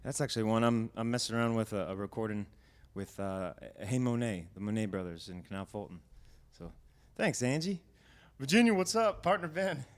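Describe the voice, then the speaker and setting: A man's voice: fairly low pitch, expressive, a little fast. A man hosting his own music livestream at home, chatting casually and rambling a little as he greets viewers by name.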